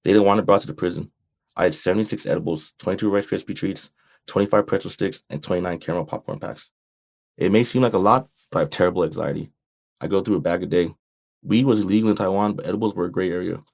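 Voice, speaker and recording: This audiobook features an American author reading his own memoir at a fast clip. His voice sits low, is a little mellow, and has vocal fry, and his manner is wry and blunt with occasional profanity.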